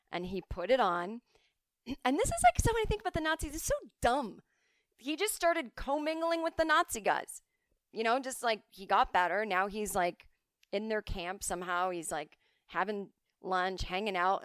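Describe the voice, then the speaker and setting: A woman hosting a podcast from home, talking casually and telling stories in an animated way, often jumping into quoted voices. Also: medium pitch, smooth, no room sound. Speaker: podcast host. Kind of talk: casual monologue.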